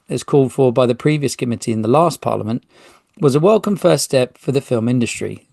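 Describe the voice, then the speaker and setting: A man's voice: medium pitch, gravelly, a little mellow, dry recording, clean studio sound. A man hosting a solo podcast, talking casually and reading an article aloud with small slips. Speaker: podcast host.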